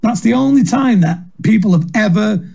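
Husky, animated Northern English comedian. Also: male voice, high-pitched, normal speed. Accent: Northern English, Manchester. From England. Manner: lively, self-mocking, laughs through stories. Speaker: comedian guest. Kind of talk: anecdotal storytelling.

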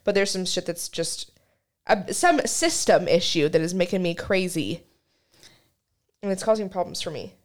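A woman's voice: lowish voice, expressive, normal speed. A young woman co-hosting a podcast in casual chat, with a dry, wry way of telling stories and laughing through them. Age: young adult. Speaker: podcast co-host.

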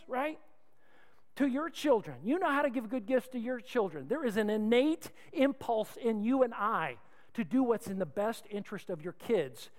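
A male pastor preaching a sermon, calling on the crowd to repeat lines back, swinging between loud and hushed. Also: high voice. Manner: call-and-response preaching, asks crowd to repeat. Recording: long hall reverb.

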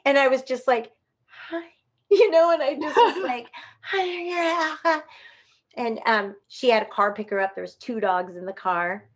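A woman telling a story in casual conversation, animated and acting out the voices of the people she quotes. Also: fairly high pitch, moderate pace. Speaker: guest performer.

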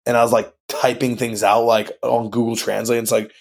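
A man's voice: mid-range voice, little pitch movement, moderate pace, creaky, a little hiss or hum. A young man from California, a band singer guesting on a podcast, talking in a laid-back slangy way full of "dude" and "like". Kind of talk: casual podcast conversation.

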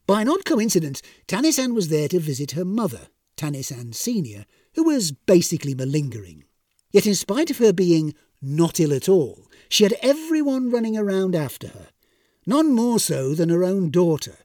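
Wry, lively male storyteller. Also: sits high, no echo, studio quality. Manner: wry, expressive comic narration. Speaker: narrator. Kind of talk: storybook reading.

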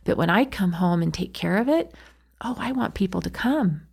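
A woman's voice: on the low side, expressive, normal speed, vocal fry, a little mellow, husky. A woman, an enneagram educator, speaking as a guest in a podcast interview, with a reflective teaching tone.

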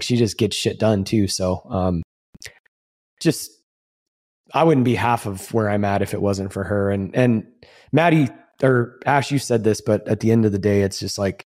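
A man's voice: lowish voice, normal speed, a little mellow. A man co-hosting a podcast, talking in a loose, rambling way with casual swearing. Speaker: podcast co-host.

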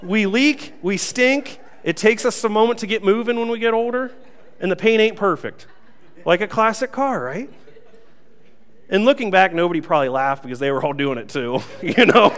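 Lively young pastor in echoing hall. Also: male voice, high-pitched, moderate pace. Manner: lively, self-mocking storytelling. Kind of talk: sermon with humorous story.

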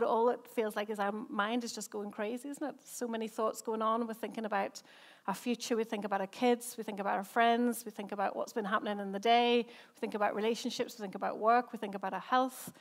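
Woman, English accent, senior pastor, conversational sermon, slightly high voice, rhetorical questions. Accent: English, softened by time living in Northern Ireland. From England. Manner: conversational, chatty preaching with frequent restarts and rhetorical questions.

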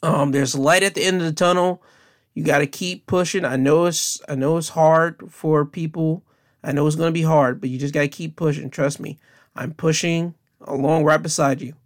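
A young man talks through the end of his solo podcast in a casual, rambling way. His voice sits a little high for a man, and he often stops and restarts his sentences. He keeps sounding earnest and encouraging as he thanks his listeners. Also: steady tone, normal speed. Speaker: podcast host.

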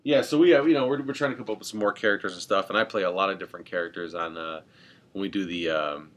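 A man's voice: low-pitched, quick pace. A man co-hosting a podcast in casual chat, rambling and joking, correcting himself as he goes. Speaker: podcast co-host.

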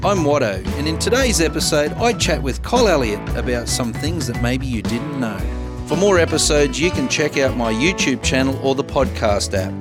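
A man's voice: mid-range voice, expressive, normal speed, music in the background. A man hosting a podcast, asking friendly, matey questions in casual chat. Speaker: podcast host.

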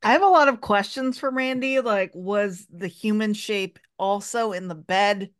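A woman's voice: medium pitch, normal speed. Woman, casual podcast chat, teasing, wry.

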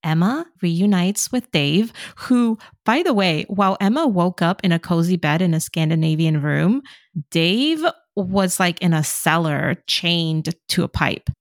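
Woman co-host, chatty and quick, slightly low voice, dry sound. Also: animated, no room sound. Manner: quick, chatty, laughs often. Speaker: podcast co-host. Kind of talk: casual movie recap chat.

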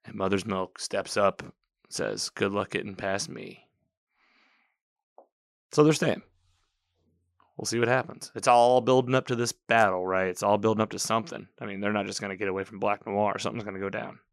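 A man's voice: on the low side, steady tone, brisk, gravelly, no room sound, clean studio sound. Chatty man recapping a TV episode. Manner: chatty, rambling, self-correcting, quoting characters.

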